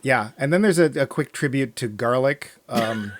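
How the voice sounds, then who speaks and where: A man's voice: mid-range voice, lively intonation, moderate pace, slight background noise. A man co-hosting a movie podcast, talking in a sarcastic, joking way and laughing often. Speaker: podcast co-host. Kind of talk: casual movie review chat.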